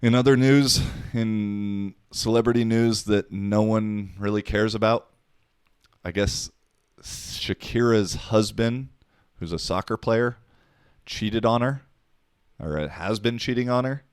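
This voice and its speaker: With a lowish, smooth voice, a man hosts his own podcast and talks slowly through a casual solo monologue full of rambling, swearing, and wisecracks. The studio-quality recording has no room sound.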